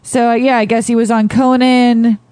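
A woman's voice: a little high, level tone, normal speed, dark tone, clean tone, dry recording. A woman with a slightly nasal voice co-hosting a podcast, hesitant at times and reading an article aloud. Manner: hesitant, uses fillers. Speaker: podcast co-host. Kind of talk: casual chat and reading aloud.

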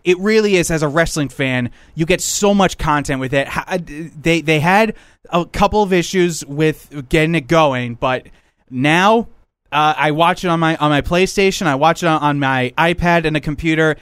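A man hosts a podcast in a casual, rambling way, with a fairly high, smooth voice. The recording is close and dry. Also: normal speed, fairly bright tone, no room sound. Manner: chatty, rambling with restarts. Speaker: podcast host. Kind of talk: casual wrestling podcast chat.

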